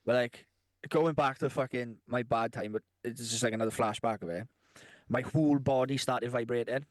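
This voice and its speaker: A man's voice: medium pitch, moderate pace, dry recording. A man co-hosting a podcast, telling crude stories with lots of swearing, laughing and acted-out quotes. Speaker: podcast co-host. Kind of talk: crude casual storytelling.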